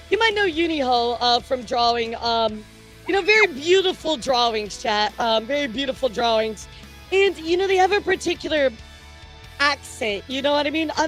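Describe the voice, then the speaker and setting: A woman with a high voice hosts a casual streamer news show, talking directly to her chat. She rambles and jokes, stumbling over her words with lots of fillers and restarts, while faint music plays underneath.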